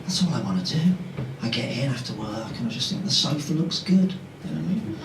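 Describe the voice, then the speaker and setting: A brisk, medium-pitched man in his forties with some vocal fry does live stand-up in a pub comedy club, animatedly chatting with the crowd and tossing in frequent asides. The mic is distant, with soft music in the background. The live club audio sounds roomy, and the audience laughs loudly.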